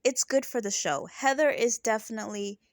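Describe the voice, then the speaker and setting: Young woman doing a casual review vlog, kinda high voice, opinionated and over it, dry close sound. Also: normal speed, dry recording. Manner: opinionated, exasperated, chatty with frequent fillers. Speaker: reality TV reviewer.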